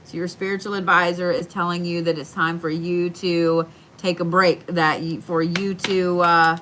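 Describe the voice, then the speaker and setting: A woman giving a live tarot card reading from home, speaking slowly and soothingly and repeating her reassurances. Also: on the low side, flat delivery, fairly bright tone, a little hiss or hum. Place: home, indoors.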